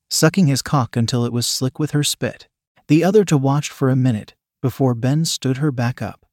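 Male narrator, steady read-aloud, mid-pitched, dry close sound. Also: no echo. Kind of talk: scripted narration of an adult story.

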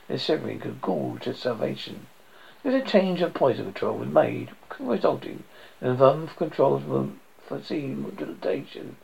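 A man reading a horror paperback aloud with a dramatic, swinging delivery. His voice is strongly gravelly and pitched a little high. The recording sounds dull and lo-fi. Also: a little mellow. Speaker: narrator. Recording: dull lo-fi audio.

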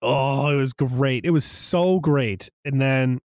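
A young man casually recapping a movie on a podcast, animated and acting out quoted lines. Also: mid-range voice, slow pace, no echo, clean studio sound. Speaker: podcast co-host.

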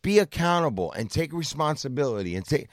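A man's voice: a little high, fairly quick, dry recording, clean studio sound. A man co-hosting a podcast, talking with lots of profanity and energy. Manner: profane, animated, agreeing loudly. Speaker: podcast co-host. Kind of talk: crude comedic podcast banter.

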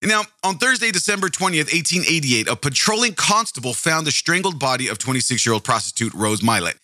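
Brief: a rambling male true-crime podcaster, sharp and forceful, in a dry close recording. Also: a little high, expressive, fast, no echo. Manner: rambling, self-interrupting, swears casually. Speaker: podcast host.

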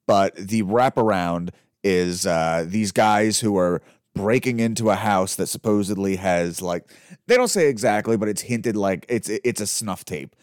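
A young man co-hosts a casual movie podcast, jumping in with animated, profane reactions. His voice sits fairly low. It sounds close-miked and dry. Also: unhurried, clean tone, dry recording. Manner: animated, swearing, jumps into mock voices. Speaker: podcast co-host. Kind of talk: casual chat about movies.

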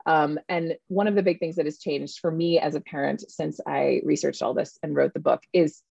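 A woman in her thirties speaks as an interview guest, chatty and full of fillers. Her voice is gravelly and husky, sitting a little low. The recording is dry and a bit dull, lo-fi. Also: normal speed, no room sound. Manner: chatty and animated, many fillers. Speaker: author and guest. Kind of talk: casual interview conversation. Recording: dull, lo-fi sound.

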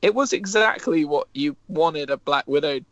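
A man co-hosting a podcast in casual chat, enthusiastic and animated, swearing freely. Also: a little high, normal speed, no room sound, dull audio. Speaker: podcast co-host.

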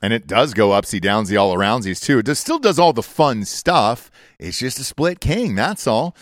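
A man hosts a podcast in a brash, profane way, mixing crude jokes with fast sponsor reads. His voice rises and falls a lot. The sound is dry and close. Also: medium pitch, lively intonation, no room sound. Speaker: podcast host. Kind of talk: crude casual chat and ad reads.

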